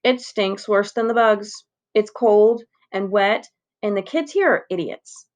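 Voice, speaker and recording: A woman's voice: mid-range voice, steady tone, a little slow, a little mellow, lightly acted. A woman reading aloud in a slightly raised voice for a homesick, sulky young boy.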